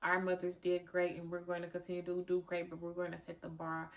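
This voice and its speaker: A woman's voice: fairly low pitch, monotone, brisk. A woman hosting a podcast in a casual, frank monologue, repeating phrases for emphasis and at times praying aloud. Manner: prays aloud in a softer voice. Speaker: podcast host.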